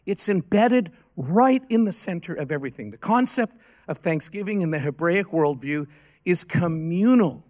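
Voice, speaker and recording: High-voiced pastor preaching. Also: male voice, expressive, a little mellow. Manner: conversational storytelling, earnest, halting restarts. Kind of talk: sermon.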